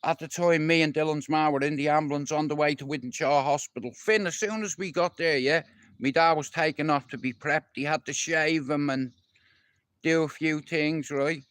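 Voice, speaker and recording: Man, live-stream host, profane storyteller, a touch high-pitched, dry sound. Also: steady tone, moderate pace, a bit bright, no room sound. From Dublin, Ireland. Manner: blunt and heavily profane, addressing a listener by name.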